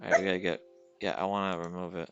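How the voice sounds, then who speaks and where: A man's voice: low-pitched, level tone, racing, a bit bright, muffled recording, faint music behind. A man streaming as a game developer, chatting casually and teasing his dog at home.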